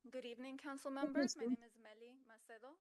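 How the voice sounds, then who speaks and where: A woman's voice: high voice, steady tone, quick pace, mellow. A woman from Southeast Los Angeles giving an emotional public comment at a council meeting, earnest and pleading, with frequent ums. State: emotional, voice wavering at times.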